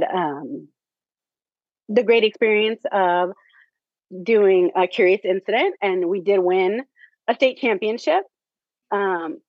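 Woman guest, casual and halting, lots of ums, dry dull-sounding recording. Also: medium pitch, dry recording. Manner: halting, many fillers, laughs often. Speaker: theater teacher, interview guest. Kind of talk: casual interview chat.

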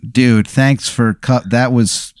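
A man's voice: mid-range voice, steady tone, slow pace, darkish tone, clear, resonant tone, dry recording, clean studio sound. Laid-back man playing along casually. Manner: laid-back, swearing, playful. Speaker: player. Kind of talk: casual improv play.

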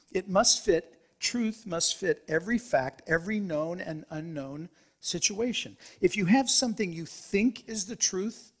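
A man's voice: high-pitched, a bit bright, slightly rough. A middle-aged man preaching a sermon as pastor, earnest, with frequent restarts.

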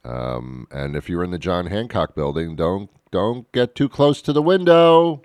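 A man's voice: sits low, animated, a little slow, muffled recording, noisy background. A man hosting a radio talk show, rambling and joking at his own expense. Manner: rambling, self-mocking, jokey. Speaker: radio host. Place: radio studio.

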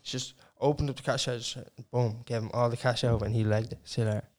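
A man's voice: medium pitch, fast. Young irish guy rambling through a story, lots of likes and swearing. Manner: animated, swears, filler-heavy. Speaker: podcast co-host. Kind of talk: casual chat, storytelling.

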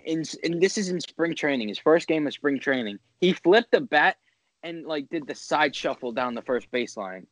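A man's voice: on the high side, fairly quick, few pauses, no room sound, low-quality recording. Joking guy in dry sports chat. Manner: animated, joking, talks over others. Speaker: podcast co-host.

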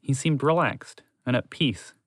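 Brief: male storyteller, even and gentle, close dry mic. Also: mid-range voice, measured pace, dry recording. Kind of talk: storybook narration.

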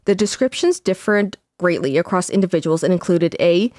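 A young woman co-hosting a casual podcast, calmly reading from articles and quotes with small fillers. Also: lowish voice, dry recording, clean studio sound. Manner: measured, reads quotes aloud with fillers. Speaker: podcast co-host.

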